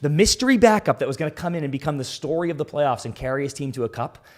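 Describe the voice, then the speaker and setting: Excitable, swearing hockey podcast guy. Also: on the high side, fast talker. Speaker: podcast co-host. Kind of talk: casual hockey chat.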